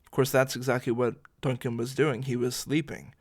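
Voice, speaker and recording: A man teaching literature in a relaxed, conversational lecture, explaining a play scene by scene with slangy asides. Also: medium pitch, normal speed.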